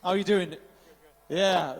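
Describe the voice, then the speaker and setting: A man's voice: high voice, a little slow, creaky, in a large hall. A man announcing and interviewing at the finish of an outdoor race, upbeat, reeling off finisher names and slipping in Welsh phrases. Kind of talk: live event commentary. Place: outdoor finish area of a triathlon.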